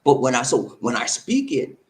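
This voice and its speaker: A man's voice: mid-range voice, huge pitch swings, moderate pace, darkish tone, low-quality recording. A man living abroad, talking casually to viewers, emphatic and repetitive, often checking in with "okay?" and "huh?". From from abroad, living in the Philippines. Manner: emphatic, repeats words, asks "okay?" and "huh?". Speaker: vlogger addressing viewers. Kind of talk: casual talking-to-camera advice.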